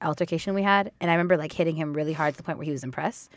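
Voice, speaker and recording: A young woman in her twenties co-hosting a casual chat, telling stories in an animated way with plenty of swearing. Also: low-pitched, no room sound, clean studio sound. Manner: fast, animated storytelling, heavy swearing. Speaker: podcast co-host.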